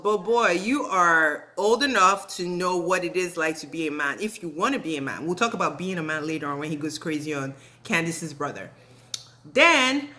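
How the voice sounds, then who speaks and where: A woman rants in a casual vlog, her pitch leaping up and down as she talks. Her voice is bright and sharp, and her commentary is indignant and full of slang. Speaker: reality TV recap vlogger. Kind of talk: casual rant.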